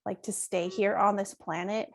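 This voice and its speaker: A woman's voice: mid-range voice, flat delivery, moderate pace, gravelly. A woman podcast host affirming her guest and asking a question, with frequent fillers. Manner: warm, affirming, with frequent likes and ums. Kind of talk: interview question.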